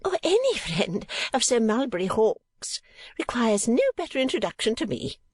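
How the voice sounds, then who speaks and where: A man voicing a fussy, flustered middle-aged mother who talks in shrill, gushing bursts with breathy asides. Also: wildly swooping pitch, moderate pace, no echo, studio quality, heavily acted. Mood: gracious.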